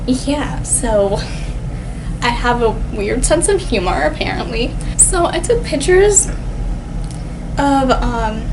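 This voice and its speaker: A chatty, fairly high-voiced woman talks through a book in a casual video review. She peppers her talk with "like" and quick laughs. A faint hiss sits under her voice.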